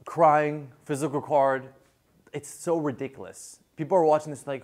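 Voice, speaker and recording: A man lecturing a class in a casual, animated way, full of fillers and quick restarts. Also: on the high side.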